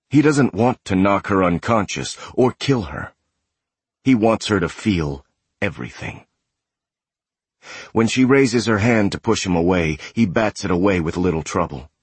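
A man narrating an audiobook thriller in a steady, measured, tense way. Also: low-pitched, breathy edge, dry recording.

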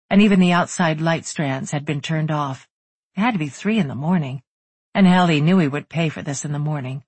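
Low, husky-voiced woman narrating. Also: no echo. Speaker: audiobook narrator. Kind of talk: scripted narration.

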